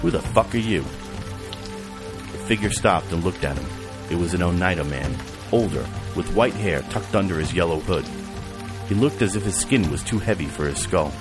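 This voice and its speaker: A man narrating an audiobook in an even, measured reading style. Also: low-pitched. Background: music and rain.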